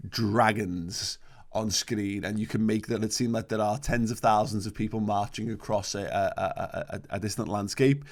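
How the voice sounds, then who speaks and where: A man's voice: fairly low pitch, fairly even intonation, moderate pace. Wry, sarcastic male host. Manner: wry, sarcastic, hesitant with fillers. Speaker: podcast co-host. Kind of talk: casual podcast chat.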